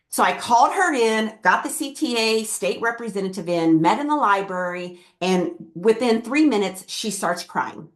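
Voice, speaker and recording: A woman's voice: a little high, lively intonation, moderate pace, fairly bright tone. A middle-aged woman hosting her own podcast, telling a personal story in an earnest, emphatic way. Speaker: podcast host and keynote speaker.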